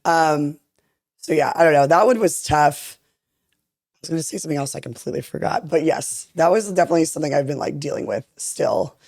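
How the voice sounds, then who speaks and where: A young woman with a raspy, deep voice, chatting casually as a podcast guest and acting out quoted lines as she tells a story. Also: a little fast, no echo, studio quality. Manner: animated storytelling, acts out quotes, frequent fillers. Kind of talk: casual chat.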